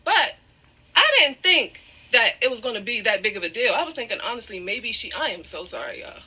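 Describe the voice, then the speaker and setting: Woman near tears telling her story, bright edgy voice, keeps saying sorry and however. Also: fairly high pitch, big pitch swings, fairly quick, slight background noise. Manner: apologetic, repeats "however", digresses. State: close to tears. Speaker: guest telling her side of a breakup. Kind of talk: emotional personal storytelling.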